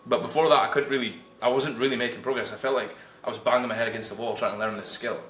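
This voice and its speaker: Late-20s male guest, blunt and profane, lively storytelling, bright tone in an echoey room. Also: medium pitch, rapid-fire. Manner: blunt, swears freely, animated storytelling. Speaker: guest, freelance copywriter. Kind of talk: casual storytelling in conversation. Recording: roomy echo.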